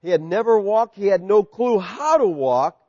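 Middle-aged male pastor, lively pitch, loud-to-hushed delivery, dull hall recording. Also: normal speed. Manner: animated preaching, swings from loud to hushed. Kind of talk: sermon.

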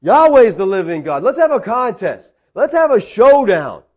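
A man voicing a bold male prophet who loudly challenges his rivals in an emphatic, rallying way. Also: high-pitched, sing-song, normal speed, slightly rough, pitched above the performer's own voice, full character voice. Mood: defiant.

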